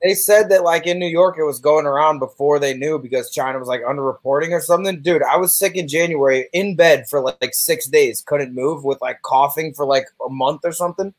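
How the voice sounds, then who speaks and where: Young male podcast co-host, fairly high, dry close sound, animated swearing rants. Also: a little fast, hardly any pauses, no room sound. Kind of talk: casual chat over remote call.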